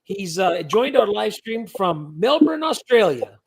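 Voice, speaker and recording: A man's voice: high voice, sing-song, measured pace, creaky, slightly rough. A man hosting a casual live stream, rambling and joking as he reads out chat comments.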